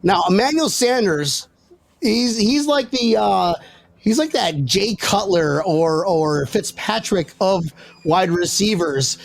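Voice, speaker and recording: High, lively, gravelly-voiced man hosting. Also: slow. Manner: joking, excitable, teasing. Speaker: podcast host. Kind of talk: casual sports banter.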